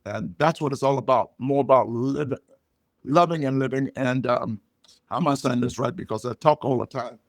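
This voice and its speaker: An older man, a comedian guest, telling stories and jokes in a loud, punchy way. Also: mid-range voice, normal speed, dry recording, clean studio sound. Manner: loud punchy joke delivery, animated storytelling. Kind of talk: storytelling comedy chat.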